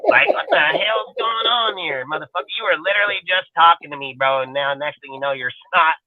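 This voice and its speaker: A man's voice: a little high, a little fast, crowd noise. Crude, swearing man on a tinny line. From Northern California. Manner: loud, crude, constant swearing. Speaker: podcast co-host. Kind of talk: profane casual storytelling.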